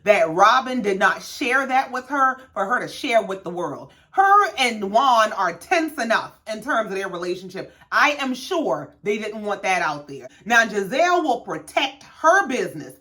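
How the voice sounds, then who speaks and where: Woman reality-recap host, sassy and animated, acts out cast voices, very expressive pitch. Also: moderate pace, hardly any pauses. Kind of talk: casual recap commentary.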